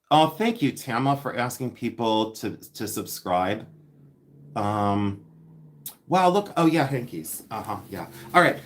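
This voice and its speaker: A man talks his way through a vintage unboxing on a livestream, chatty and easily distracted. His voice sits at an ordinary middle pitch, and he breaks off often to greet viewers and read their comments aloud. He rambles loosely from one find to the next. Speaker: livestream host selling vintage finds. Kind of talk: casual livestream chat.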